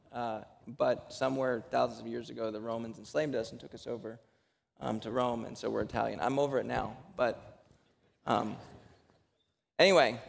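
A man's voice: on the high side, gravelly. A man preaching a sermon as pastor to a congregation. He jokes in a conversational way, then presses his point with emphatic exhortation. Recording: long hall reverb.

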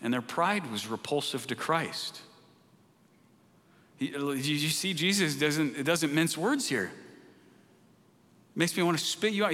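A man preaching a sermon with passion, rising to loud urging and dropping to a hushed near-whisper. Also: a little high, expressive, measured pace, pauses often. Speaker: pastor. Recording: long hall reverb.

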